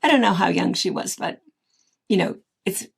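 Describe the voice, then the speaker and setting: Middle-aged lady rambling thru a chatty story, super gravelly husky voice. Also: medium pitch, animated, normal speed. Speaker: co-host of a quilting shop chat show. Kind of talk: casual chat.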